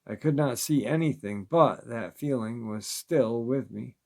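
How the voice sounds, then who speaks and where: A man with a middle-pitched voice reads creature encounter stories aloud. His scripted narration stays steady and measured from line to line. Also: vocal fry.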